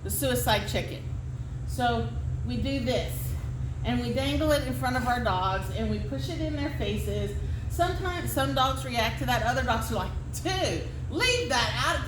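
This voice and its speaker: A woman dog trainer explains tug rules in a relaxed, slow way, with a slightly high voice. She is heard from a distance in an echoey indoor space. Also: noisy background. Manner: high excited praise to her dog during play. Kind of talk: instructional dog-training video. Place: indoor training space with other dogs around.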